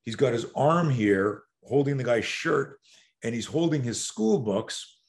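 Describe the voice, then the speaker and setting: A man in his sixties telling stories as a podcast guest. He is animated and profane, and he acts out quotes. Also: mid-range voice, unhurried. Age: 60s. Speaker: self-defense expert guest. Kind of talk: podcast storytelling.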